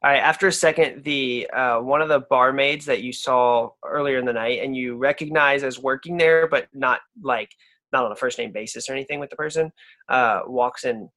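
A man's voice: medium pitch, normal speed, sharp tone. A young man narrating as game master, loose and rambling with many fillers.

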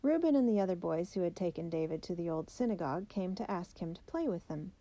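A woman reading a children's biography aloud in a measured, steady way. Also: lowish voice. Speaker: narrator.

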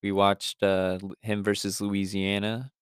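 A man's voice: on the low side, level tone, measured pace, clear, resonant tone, no echo, studio quality. A young man co-hosting a sports podcast, ranting emphatically with fillers. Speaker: podcast co-host. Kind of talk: casual sports chat.

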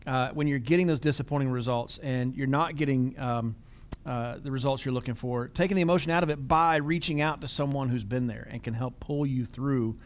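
A man's voice: medium pitch, a little fast. A middle-aged man hosting a podcast, talking casually, telling stories with quoted dialogue and laughing easily. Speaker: podcast host.

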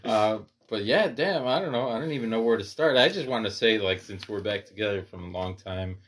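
A young man with a fairly low voice co-hosts a casual podcast. He sounds easygoing and laughs along with his friends. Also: a little fast. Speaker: podcast co-host. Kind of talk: casual chat.

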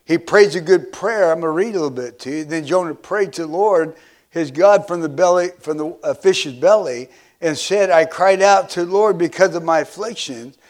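A man preaching a sermon as pastor, filling pauses with "uh" and calling for amens. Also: fairly high pitch. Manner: preaching with frequent "uh" fillers, asking for amens.

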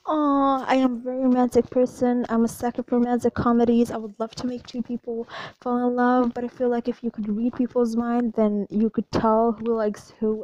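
A young woman vlogger chatting loudly and talkatively through would-you-rather questions. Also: on the high side, muffled recording. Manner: chatty, animated, loud and talkative.

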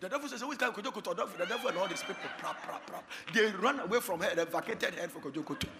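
Pastor guy preaching, swings soft to shouting, voice jumps all over. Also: high-pitched, expressive, fast talker, gravelly, in a large hall, background noise. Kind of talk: sermon.

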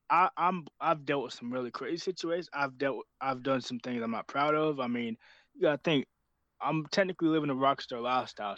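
A man's voice: mid-range voice, a bit bright, dry recording. A man in his twenties, a wrestler, talking bluntly and swearing a lot in casual chat. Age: 20s. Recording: dull lo-fi sound.

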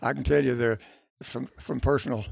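A man's voice: mid-range voice, steady tone, gravelly, slightly rough, dry recording. An older man, a country musician, telling long, rambling stories about his past in a casual interview. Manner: rambling, unhurried recollection with restarts.

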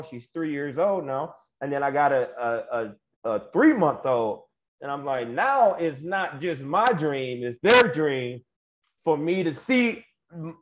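A man's voice: fairly high pitch, muffled recording. A young man with a slightly raised voice tells a wrestling story in loose, slangy talk, laughing as he goes. Faint noise hums under the recording. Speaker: guest wrestler. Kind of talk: casual storytelling interview.

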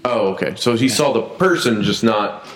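A man at a tabletop game making quick wisecracks and asides. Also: on the low side, a crowd in the background. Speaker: player. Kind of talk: casual tabletop role-play.

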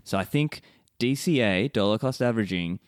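A man with a low voice hosts a podcast and puts questions to his guest in an easygoing, conversational way. He is recorded dry and close, with no room sound. He laughs easily between points. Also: lively intonation, normal speed, no room sound. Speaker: podcast host. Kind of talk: casual interview.

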